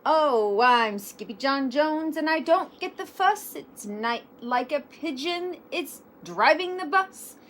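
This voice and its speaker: A woman voicing an excitable young male Siamese kitten who believes he is a chihuahua, bouncy and sing-song with playful mock Spanish flourishes. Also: high-pitched, slow, hardly any pauses, a little hiss or hum, voice pushed up, full character voice. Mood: excited.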